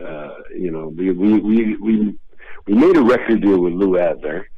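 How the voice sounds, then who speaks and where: A man's voice: low-pitched, expressive, normal speed, highs cut off. An older man, a comedian, telling rambling, laid-back stories as a radio interview guest, often restarting his sentences. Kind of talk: casual storytelling.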